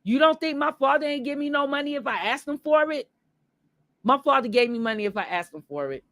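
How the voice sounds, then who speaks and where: A woman's voice: high voice, expressive, a little fast, no room sound. A woman in her late thirties ranting to camera in a heated, profane way. She swears constantly and repeats points for emphasis. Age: late 30s. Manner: loud, swearing, repetitive, emphatic. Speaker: vlogger.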